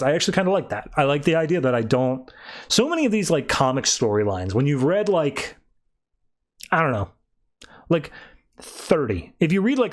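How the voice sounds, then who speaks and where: Lively, higher-voiced man recapping casually. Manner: animated, acts out characters in quick quoted voices. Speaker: podcast co-host recapping comics.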